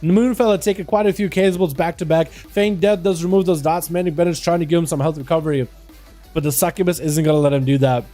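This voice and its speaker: A man's voice: a little high, steady tone, warm tone, faint music behind. A young man casually calling a match as a live game streamer. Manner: casual, chatty, fast play-by-play.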